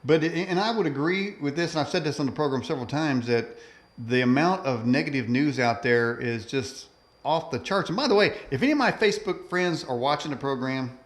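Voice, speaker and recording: A man's voice: medium pitch, lively intonation, a little fast. A man hosting an interview show who chats in a folksy, self-described cowboy way. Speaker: talk show host. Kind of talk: casual interview chat.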